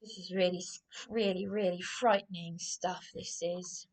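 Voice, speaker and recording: A woman's voice: on the low side, steady tone, unhurried, a little mellow. A woman posting an angry, stumbling rant on her own channel, repeating herself as she accuses people directly. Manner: accusatory, repetitive, stumbling over words. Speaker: YouTuber.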